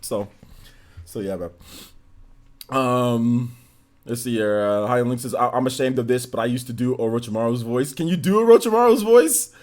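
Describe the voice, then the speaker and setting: A man hosting a casual livestream chat, telling animated stories and laughing often. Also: medium pitch, moderate pace, long pauses. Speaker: host. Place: indoors under studio lights. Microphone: on camera.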